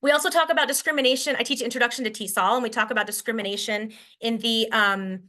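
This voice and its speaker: A woman teacher from Washington State presents to fellow educators in a quick, bright voice pitched a bit high. She talks in a chatty way, thinking aloud with fillers and restarts. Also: fairly even intonation. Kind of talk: conference presentation.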